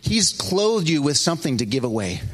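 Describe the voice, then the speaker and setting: Animated middle-aged man preaching. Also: fairly high pitch, moderate pace. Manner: animated storytelling, swinging between loud and hushed. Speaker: pastor. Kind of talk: sermon.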